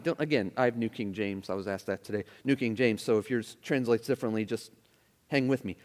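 A man preaching a sermon with expressive emphasis, acting out the attitudes he quotes and adding chatty asides to his listeners. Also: fairly low pitch, brisk, big-room sound. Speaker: pastor.

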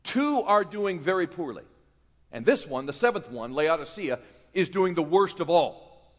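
A middle-aged pastor from North Carolina preaching a sermon, folksy and self-mocking, building to fervent emphasis. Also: male voice, on the high side, very animated, normal speed, long reverb tail. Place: church sanctuary.

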